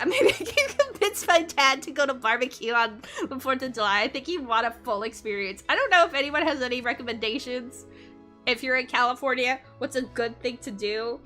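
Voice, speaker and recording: A bubbly woman from Canada chats on her livestream in a high, very bright voice. She rambles, giggles often and laughs at her own asides. Soft music plays faintly underneath. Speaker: streamer. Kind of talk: casual livestream chat.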